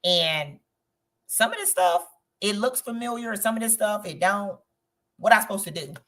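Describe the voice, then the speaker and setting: Chatty woman with a bright, forceful voice. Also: mid-range voice, moderate pace. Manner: chatty, animated, talks straight to her viewers. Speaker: host of a live travel stream. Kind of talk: casual livestream chat.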